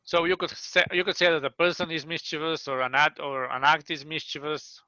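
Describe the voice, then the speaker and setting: A man's voice: on the high side, flat delivery, fairly quick, pushed and bright, dry recording. A man hosting an online speaking club meeting, chatty and self-deprecating, talking over a computer mic on a call. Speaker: meeting host. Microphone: computer mic on video call. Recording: dry, slightly dull call audio.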